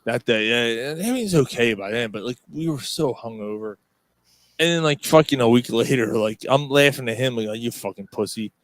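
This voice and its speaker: A man's voice: mid-range voice, moderate pace, no echo. A man hosting a podcast, telling a rowdy story in casual chat, swearing constantly and laughing as he goes. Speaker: podcast host.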